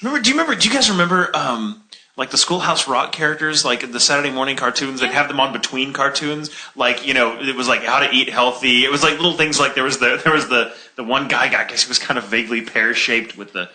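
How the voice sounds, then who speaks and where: A man co-hosting a casual podcast chat, talking in an animated way with stammers and frequent laughter. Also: medium pitch, quick pace. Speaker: podcast co-host. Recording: echoey room.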